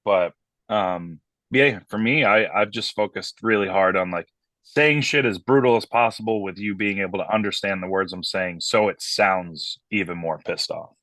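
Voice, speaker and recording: Animated, profane metal vocalist, dry sound. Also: male voice, lowish voice, moderate pace, no room sound. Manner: animated storyteller, swears freely, acts out quoted voices. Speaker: metal band vocalist, guest. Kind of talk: casual interview chat.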